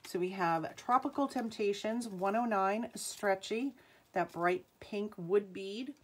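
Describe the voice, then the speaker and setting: Slow-talking New England woman selling jewelry live. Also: medium pitch, a little hiss or hum. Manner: chatty, calls out item numbers and sales. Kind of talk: live shopping stream, chatting with viewers.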